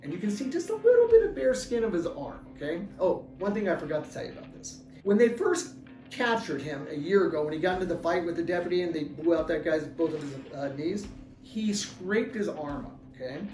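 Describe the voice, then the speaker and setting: A middle-aged man, an author and former deputy, telling a personal story in an animated, chuckling way. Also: high-pitched, brisk. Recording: roomy room, distant mic, faint music.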